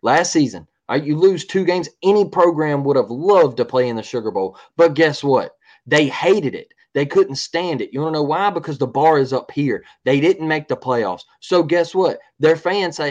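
A man's voice: a little high, expressive, normal speed, darkish tone, muffled recording. A man co-hosting a sports podcast, ranting in a heated, repetitive way and often asking "all right?". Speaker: podcast co-host.

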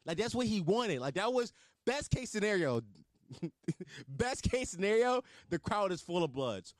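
A man hosting a casual solo podcast, telling stories in a slangy, swearing, animated way and acting out his own hype lines. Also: high-pitched, normal speed, no room sound, clean studio sound. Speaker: podcast host. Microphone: podcast microphone.

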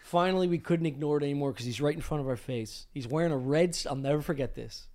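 A man's voice: fairly high pitch, fast, dark tone. A man co-hosting a podcast, telling a story in casual, profane chat and laughing often. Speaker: podcast co-host.

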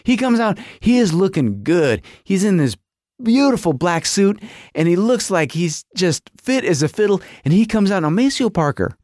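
A man in his forties telling a story as a podcast host, excitable and acting out songs and quotes. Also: high voice, moderate pace, no echo, clean studio sound. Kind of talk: animated storytelling.

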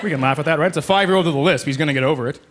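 A middle-aged man doing a stand-up comedy set on a club stage, trading deadpan insults with sudden shouted bursts. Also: on the high side, rapid-fire. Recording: live club recording, loud laughing crowd. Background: audience laughter and noise.

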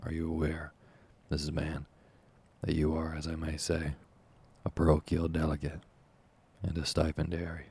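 A man's voice: a bass voice, monotone, moderate pace, darkish tone, slightly rough, exaggerated voice. A man voicing a fat, pompous, short-tempered parish official who likes to orate. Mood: indignant. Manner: pompous, self-important oratory.

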